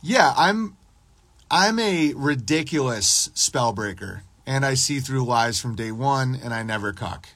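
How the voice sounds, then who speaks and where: A man hosts a loose livestream podcast, swearing freely and boasting as he rambles from one thought to the next. His voice is husky and a little rough at the edges. The sound is dry and close, with no room echo. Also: medium pitch, expressive, measured pace, fairly bright tone. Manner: crude, profane, rambling, boastful. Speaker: podcast host reading live chat. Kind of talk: casual livestream rant.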